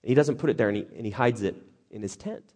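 A man preaching a sermon as lively storytelling, joking and acting out the characters. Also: lowish voice, fast talker. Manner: animated, jokey, acts out characters.

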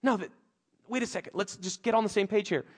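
A man's voice: fast, slightly rough. A man preaching a sermon, acting out scripture characters with big swings in his voice. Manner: animated, acts out characters' lines with big pitch swings. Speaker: pastor.

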